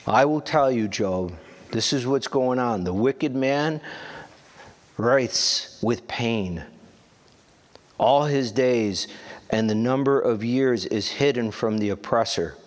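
Slow-talking man teaching from scripture. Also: mid-range voice. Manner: reads scripture aloud then explains it plainly; slow, halting, conversational asides. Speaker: Bible teacher. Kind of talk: Bible study teaching.

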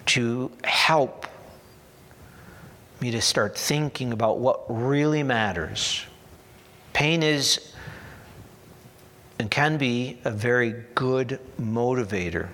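A pastor delivers a sermon from the pulpit in an ordinary middle-pitched voice with a fairly bright tone. His phrasing is slow, deliberate and earnest, broken up by dry, wry asides. The long reverb of a large church hall rings around him.

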